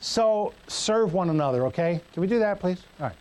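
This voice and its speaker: A man's voice: high-pitched, animated, a little fast, a little mellow, low-quality recording. A male pastor preaching a sermon in a church, conversational and joking with the congregation.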